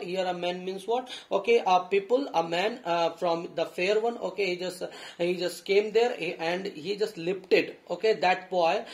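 A man teaching a story lesson, reading lines aloud and then paraphrasing them with halting restarts. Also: sits high. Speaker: school teacher.

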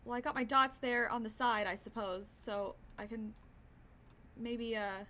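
High, bright-voiced jumpy woman streamer. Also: steady tone, unhurried, slight background noise. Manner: jumpy and easily startled, gasping and swearing. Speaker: streamer playing a horror game. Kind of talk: live game commentary.

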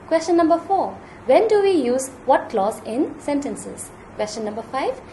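A university lecturer, a woman with an Indian English accent, works through a recorded lesson in a measured, formal way. Her voice sits fairly high and moves with lively pitch, the tone mellow rather than bright. A faint hiss runs under the recording. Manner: measured, formal teaching delivery.

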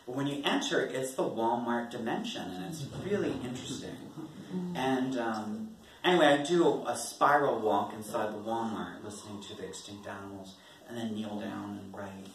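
A man's voice: mid-range voice, moderate pace. A man, a poet, casually telling an audience about his writing in a rambling, wry way, laughing often. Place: performance venue. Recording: echoey room from far off.

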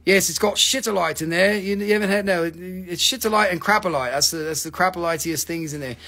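High-voiced, swearing man hosting a rock sale. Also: fairly quick, sharp tone. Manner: profane, rambling, joking. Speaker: host of a live mineral sale. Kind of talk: casual live-stream selling chat.

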